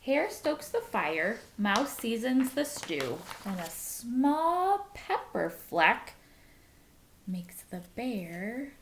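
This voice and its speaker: A woman's voice: mid-range voice, a little hiss or hum. A woman teacher reading a picture book aloud to her class, adding short comments between pages. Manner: slow, expressive storytelling with comments to listeners.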